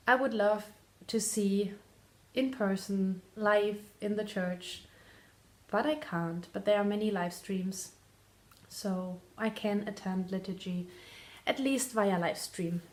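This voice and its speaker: A woman's voice: mid-range voice, darkish tone. A young woman with a German accent, chatting casually as a podcast host from home, laughing often and correcting her own English. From northern Germany. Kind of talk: casual chat. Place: home in Lower Austria.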